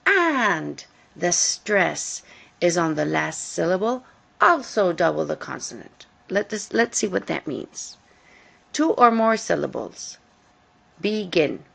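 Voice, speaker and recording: A woman teaching English grammar in a recorded lesson, speaking deliberately and repeating key words for emphasis. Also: lowish voice, gravelly, fairly bright tone.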